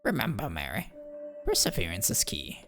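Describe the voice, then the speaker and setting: Brief: woman plays smug riddling cat, low deep register, swooping lilt, drawn out. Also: wildly swooping pitch, normal speed, vocal fry, fairly bright tone, soft background music, full character voice. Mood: lofty. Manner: drawling, lofty, condescending. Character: sly, pompous talking cat, long-winded and riddling. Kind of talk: fan voice acting of a game.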